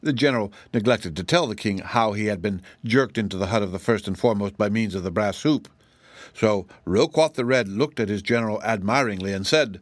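A man narrating an audiobook chapter in a steady, even storytelling manner. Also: lowish voice, a little fast, dry recording. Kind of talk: scripted narration.

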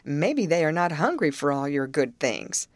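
A woman's voice: low voice, very animated, normal speed, no echo. A woman reading aloud, voicing a friendly male plantation overseer in a hearty, welcoming way.

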